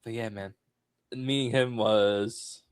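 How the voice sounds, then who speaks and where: A man co-hosting a podcast, chatting casually and telling a story with big swings between loud and soft. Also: lowish voice, steady tone, slow, clear, resonant tone, no echo, clean studio sound. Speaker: podcast co-host.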